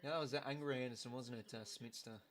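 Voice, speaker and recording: A man with an Australian accent hosting a live football watch-along, calling the play in an excitable, chatty way. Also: mid-range voice, quick pace. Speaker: host.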